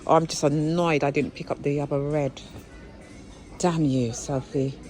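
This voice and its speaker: A woman's voice: sits low, steady tone, normal speed, a little mellow, faint music behind, rough recording. A woman chatting to viewers about what she finds while shopping, exclamatory and talkative. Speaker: vlogger. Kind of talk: casual shopping vlog chat. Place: indoor shop.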